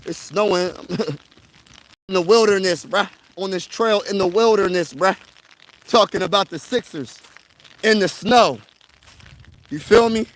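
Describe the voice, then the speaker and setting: Young male sports vlogger with a high voice, chatty and hyped, talking on the move outdoors. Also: measured pace, long pauses. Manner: excitable, slangy, repeats himself. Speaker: sports vlogger covering his city's teams. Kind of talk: casual livestream chat. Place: outdoors on a snowy wilderness trail, walking.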